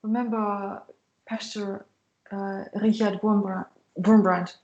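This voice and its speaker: Woman explaining stuff, pretty flat delivery, roomy echo on the mic. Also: mid-range voice, normal speed, highs cut off. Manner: earnest, explanatory, with frequent fillers. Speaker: co-host of a Christian mentorship show. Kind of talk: casual discussion.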